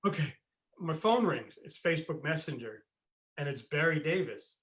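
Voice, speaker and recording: An American man hosting a podcast in a relaxed, chatty way. His voice is bright and a touch high, and he gets lively when telling a funny story, swearing freely and acting out both sides of a conversation. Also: moderate pace. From United States. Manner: animated storyteller, swears, laughs, acts out voices in anecdotes. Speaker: podcast host. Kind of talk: casual chat.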